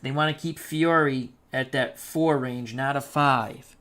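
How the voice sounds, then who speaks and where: Excitable bright-voiced man calling dice baseball. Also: medium pitch, slow. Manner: chatty, excitable, rhymes and asides to chat viewers. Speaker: tabletop baseball game host. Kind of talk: play-by-play commentary of a dice game.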